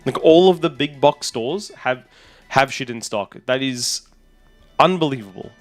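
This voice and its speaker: Excitable man streaming. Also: medium pitch, a little slow, soft background music. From Australia. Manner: excitable, rambling, talks to chat. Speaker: streamer and content creator. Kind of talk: casual live-stream chat.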